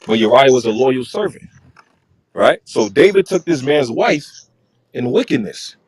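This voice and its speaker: A man's voice: medium pitch, lively intonation, unhurried, breathy edge. Man teaching scripture in casual talk. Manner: reads verses aloud, then explains them in casual slang. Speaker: Bible teacher.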